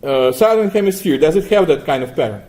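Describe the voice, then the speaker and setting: Guy teaching a class, kinda high mellow voice, keeps going "right?". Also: expressive, fast. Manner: asks the class frequent questions, tags 'right?'. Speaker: lecturer. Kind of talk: classroom lecture with software demo.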